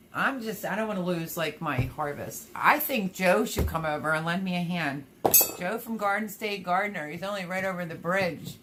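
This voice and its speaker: A woman's voice: low voice, a bit bright, slight background noise. A woman hosting a casual gardening livestream, chatting and reading viewer comments aloud, laughing often. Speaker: livestream host.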